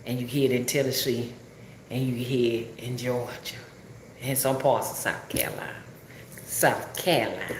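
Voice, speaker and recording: A woman with a thick Alabama drawl talks in a low, unhurried voice, wandering from point to point and checking that her listeners follow. She sounds like she's in an echoey room, with a faint hiss of noise under her voice. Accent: Alabama Southern drawl. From Alabama, US South. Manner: rambling, drawling, asks listeners if they understand. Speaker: spiritual rootworker livestreamer. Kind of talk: casual livestream talk.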